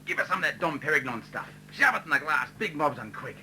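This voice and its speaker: A man puts on a brash, cheeky bloke, loud and blunt. The voice is bright and lively. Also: on the high side, fast talker, slight background noise. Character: brash newly rich Australian bloke.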